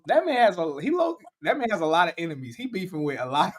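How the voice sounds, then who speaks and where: A man, hosting a casual podcast chat, animated and laughing as he acts out quotes. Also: high voice, quick pace, slight background noise. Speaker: podcast host.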